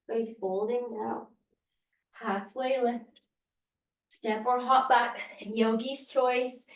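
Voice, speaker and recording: Female yoga instructor, encouraging, slow-paced cues, a bit far from the mic in a roomy space. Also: on the high side. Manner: encouraging, counting down breaths. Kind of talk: guided yoga class instruction. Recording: roomy sound, distant from the mic.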